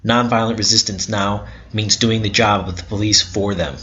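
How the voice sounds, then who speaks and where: A man's voice: fairly low pitch, steady tone, normal speed, bright, forceful tone, a little hiss or hum. A man giving an intense, bitter first-person narration of a story. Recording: dull lo-fi recording.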